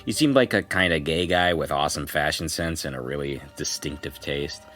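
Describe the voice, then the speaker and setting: A man with an extremely low, deep voice reads a first-person story aloud on a podcast, slipping in loose conversational asides between passages. Faint music sits quietly behind him. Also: fairly quick. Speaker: podcast co-host. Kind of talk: reading a forum post aloud as a story.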